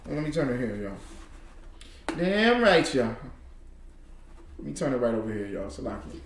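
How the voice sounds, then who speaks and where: A man's voice: mid-range voice, very animated, a little slow, echoey room, a little hiss or hum. A man giving heated, casual commentary. He repeats himself and talks straight to his listeners.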